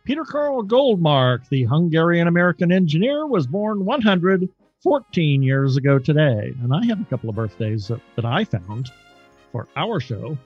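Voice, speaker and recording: Playful male co-host, husky, dull lo-fi sound. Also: on the high side, big pitch swings, normal speed, faint music behind. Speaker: podcast co-host. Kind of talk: casual podcast banter.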